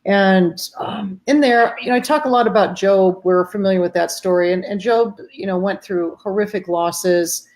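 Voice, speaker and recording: The host of a faith-based grief support livestream, a woman speaking at a moderate pace with medium pitch and few pauses, chats casually over a video call. She greets viewers warmly by name and uses many fillers.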